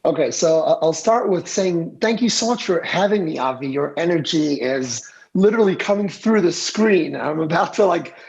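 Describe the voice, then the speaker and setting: Man from south africa, gravelly voice, slightly high pitch, chatty and energetic, dull lo-fi call audio. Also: moderate pace. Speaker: guest, DJ and dancer. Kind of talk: casual interview answers.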